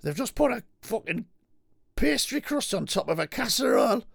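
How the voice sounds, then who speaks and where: A man's voice: extremely high pitch, very animated, moderate pace, vocal fry, no echo, studio quality, pitched above the performer's own voice, heavily acted. A man doing a comic impression of an easygoing male TV cook, drawling and calling everyone dude. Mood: matey. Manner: drawling, keeps agreeing, calls everyone dude. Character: easygoing bearded male TV cook, agreeable and sweary.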